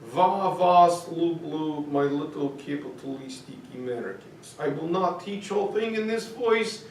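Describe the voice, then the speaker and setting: A teasing Russian-accented teacher in broken English, as a man puts it on for his class. The voice sounds a little high and unhurried, and it rings far off in a very echoey classroom. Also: slight background noise, lightly acted. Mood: playful. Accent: put-on Russian.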